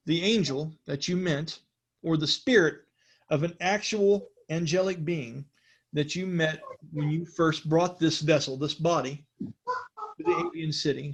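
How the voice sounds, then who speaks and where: A game master narrating a tabletop role-playing session in a relaxed, conversational way, asking players for rolls. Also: mid-range voice.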